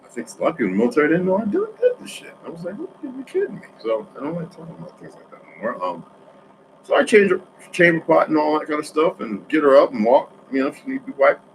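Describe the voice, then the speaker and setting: A man from New Jersey talking in a rambling, profane monologue, swinging between loud outbursts and quiet asides. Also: on the high side, animated, very fast, background noise.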